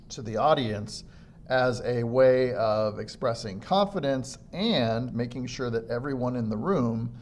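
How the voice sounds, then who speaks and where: A man's voice: darkish tone, a little hiss or hum. A man teaching a lesson on public speaking, demonstrating good and bad delivery as he explains. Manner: demonstrates faults by mimicking them, varied pitch and pace. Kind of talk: instructional lecture on public speaking.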